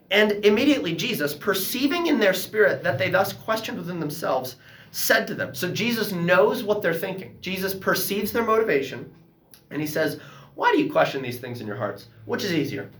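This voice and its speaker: A man teaching a Sunday school class, reading scripture aloud and breaking into excited exclamations. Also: high voice, fairly quick, reverberant. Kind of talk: Bible class lesson. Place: church classroom.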